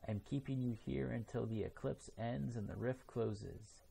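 A man's voice: medium pitch, a little slow, creaky, mellow, breathy edge, voice pushed up, exaggerated voice. A man reading the part of a stubborn young ninja who has become a ghost, in an earnest storybook voice. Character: determined young male ninja hero turned ghost. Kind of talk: reading a children's storybook aloud.

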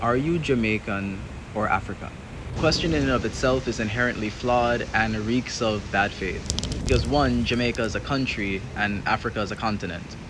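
A man laying out a measured, articulate argument, recorded outdoors near traffic. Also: on the low side. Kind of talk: argued commentary.

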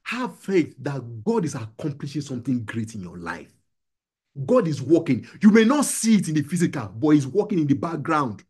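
A man's voice: a little high, big pitch swings, normal speed, darkish tone, breathy edge. A young adult male pastor preaching a sermon to a small gathering, urging and repeating his lines. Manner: exhorting, repetitive preaching with call-and-response.

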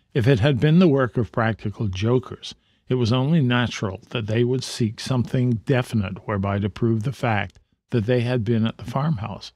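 Calm male storyteller, dry sound. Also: medium pitch, dry recording. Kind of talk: reading a children's book aloud.

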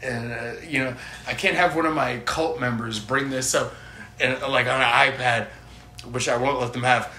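A man's voice: medium pitch, steady tone, normal speed, bright, forceful tone. A man co-hosting a podcast in casual comedic chat, swearing, joking and laughing often. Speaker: podcast co-host. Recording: roomy echo, faint noise.

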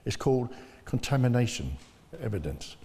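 A very animated older man, a bereaved father and interview guest, bluntly gives his personal testimony at normal speed. His mid-range voice is dark and husky, and the sound is washed in long hall reverb.

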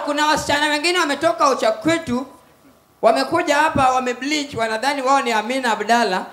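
Kenyan male stand-up comic, very high pitch, loud and punchy delivery, echoey live-stage recording. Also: fairly even intonation, quick pace, a faint crowd. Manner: loud, mixes Swahili and English, acts out voices. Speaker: stand-up comedian. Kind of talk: stand-up comedy set. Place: live comedy stage with audience. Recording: echoey live venue with faint ambience.

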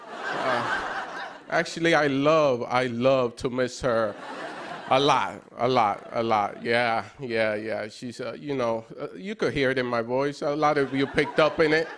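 On a late-night TV stage in front of a live crowd, a thirty-something man does self-mocking stand-up with wry jokes and sudden excited shouting. His voice is mid-range and his pace a little slow, while loud audience laughter and applause fill the studio recording.

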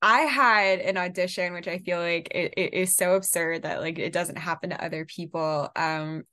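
A young actress, chatting in an interview and telling animated stories, laughing often and acting out quotes in high voices. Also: female voice, normal speed. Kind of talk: casual storytelling chat.

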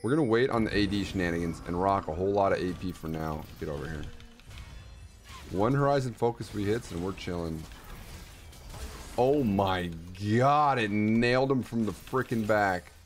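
A young man giving excited gameplay commentary as a streamer, full of gamer slang and exclamations, with faint music behind him. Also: on the low side, a little fast.

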